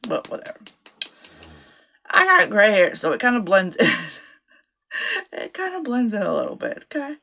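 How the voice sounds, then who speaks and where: A woman's voice: medium pitch, sing-song, unhurried, gravelly, long pauses, pushed and bright. A middle-aged woman chatting casually through a makeup tutorial from a small home office closet. She rambles and swears freely. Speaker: makeup vlogger.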